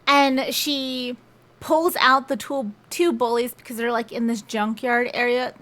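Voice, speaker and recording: A young woman with a slightly high voice recaps a story in an easy, rambling vlog manner. She chains one clause to the next with "and" and "like," as if talking to friends. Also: steady tone, unhurried, fairly bright tone. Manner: chatty, strings clauses with "and" and "like". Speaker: book reviewer. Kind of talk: casual plot retelling.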